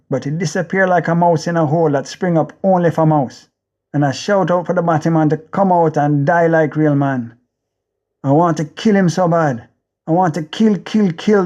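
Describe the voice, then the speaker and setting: A man's voice: on the high side, darkish tone. A man with a Jamaican accent narrating an audiobook in the first person, intense and rhythmic, with driving repetition.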